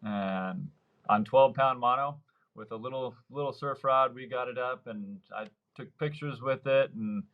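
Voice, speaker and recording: A man's voice: mid-range voice, measured pace, lo-fi sound. Man in his thirties, rambling storyteller. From Mexico, Baja California Sur. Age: 30s. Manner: rambling anecdotes, acts out quoted voices. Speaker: surf fishing guide. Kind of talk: casual interview storytelling.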